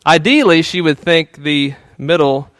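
A male pastor preaching a sermon in a relaxed, conversational way, with frequent fillers and small chuckles, dropping to a soft, hushed tone when he prays. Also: fairly high pitch, measured pace, no echo.

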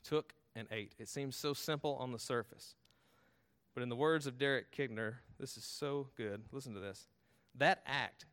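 A man's voice: medium pitch, a bit bright, smooth. Emphatic male preacher teaching scripture. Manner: emphatic, rhetorical questions, varied pacing. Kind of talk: expository sermon.

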